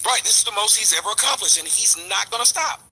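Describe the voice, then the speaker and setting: A man with a high, piercing voice that has a husky edge gives a heated, profane rant. He mocks the people he talks about and turns to address his viewers again and again. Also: expressive, fast, bright, forceful tone, poor audio. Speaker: commentary vlogger. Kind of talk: ranting commentary.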